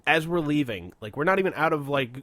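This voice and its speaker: A man's voice: a little high, animated, moderate pace, a bit bright, no room sound. A young man co-hosting a podcast, telling a rambling story full of swearing and laughing at his own jokes. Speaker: podcast co-host. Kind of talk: casual profane chat.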